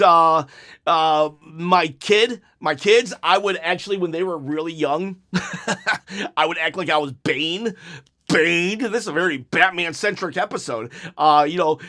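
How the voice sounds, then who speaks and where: A middle-aged man answering viewer questions in a casual vlog, earnest and rambling, with animated bursts. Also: a little high. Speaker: wrestling YouTuber.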